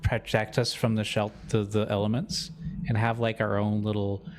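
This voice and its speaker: A man's voice: lowish voice, flat delivery, moderate pace, soft background music. A man playing in a tabletop game, chatting and joking with lots of restarts. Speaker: player. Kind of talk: casual tabletop play chat.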